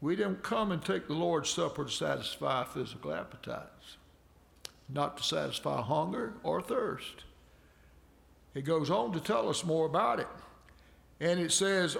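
Gravelly-voiced man preaching a folksy sermon. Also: on the high side, normal speed, a bit bright. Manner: folksy, conversational, emphatic on key words. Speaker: pastor. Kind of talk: sermon with scripture reading.

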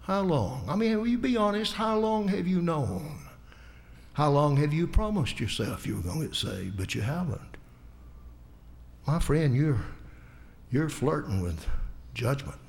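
A pastor from the United States preaching in church, with impassioned appeals that rise loud and high and then drop to hushed, low asides. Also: male voice, sing-song, measured pace, vocal fry, long pauses. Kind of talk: sermon.

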